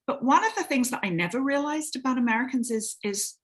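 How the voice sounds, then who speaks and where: A woman's voice: high-pitched, lively intonation, fast. A middle-aged English woman, an author from England, chatting as a guest in a casual interview and often restarting her sentences.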